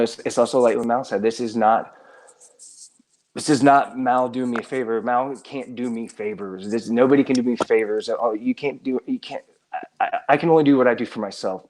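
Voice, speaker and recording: A man's voice: mid-range voice, a little mellow, slight background noise. A man talking casually on a live stream, earnest and exasperated, stumbling over restarts and repeated words as he defends himself.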